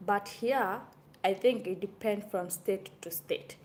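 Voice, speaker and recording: A young woman from Kenya talks straight to her viewers in a casual vlog, lively and full of exclamations. Her voice sits in a mid range, and a faint hum runs behind her. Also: medium pitch, normal speed. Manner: chatty and animated, with exclamations. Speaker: vlogger. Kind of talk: casual talking-to-camera vlog.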